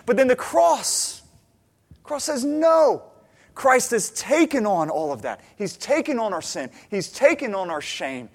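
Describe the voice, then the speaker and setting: Animated high-voiced male pastor preaching. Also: unhurried. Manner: animated storytelling, acting out characters' lines. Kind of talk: sermon.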